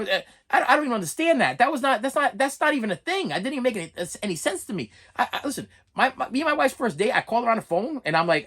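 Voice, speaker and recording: A man's voice: sits high, sing-song, fast, pushed and bright. A middle-aged man ranting in a comedic vlog, exasperated and stumbling over restarts. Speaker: vlogger. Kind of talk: comedic rant and unboxing vlog.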